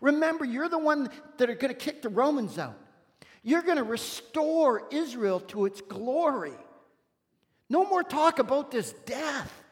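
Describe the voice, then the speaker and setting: Picture a preacher acting out an earnest disciple leaning in close, hushed and urgent as he coaxes. His voice sits very high for a man, and it rings with a long hall reverb. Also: lively intonation, a little slow. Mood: urgent pleading. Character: earnest male disciple pleading in a hush.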